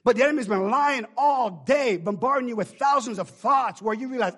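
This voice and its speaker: A man preaching a sermon, calling on the congregation to answer him and building from quiet talk to loud shouting. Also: very high-pitched, expressive, brisk.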